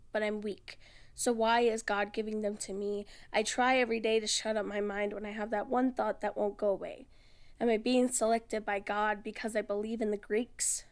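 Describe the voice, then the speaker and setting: A young woman, a poetry guest, chatting casually and reading a poem softly, with some lines whispered. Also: fairly high pitch. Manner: soft, hushed delivery with whispered lines in the poem. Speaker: poet guest.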